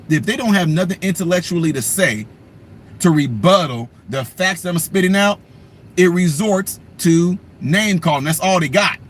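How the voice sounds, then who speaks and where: Animated, mocking man hosting a livestream. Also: fairly high pitch, a little hiss or hum. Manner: mocking, animated, reads viewer comments and taunts trolls. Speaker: political livestream host. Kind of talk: casual livestream commentary.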